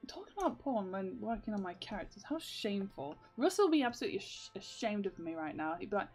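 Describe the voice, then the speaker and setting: A woman's voice: medium pitch, big pitch swings, quick pace, few pauses, a little mellow, husky, soft background music. A young woman in casual livestream chat, rambling with many fillers and laughing often as she works on her comics. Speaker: comic artist streaming.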